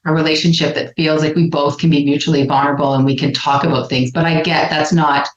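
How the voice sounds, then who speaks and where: A woman with a lowish voice co-hosting a podcast, animated and playful as she acts out quotes. Her audio sounds roomy and a little dull, as if recorded in an echoey space on a lo-fi mic. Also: quick pace. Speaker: podcast co-host, relationship psychologist. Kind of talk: casual podcast conversation.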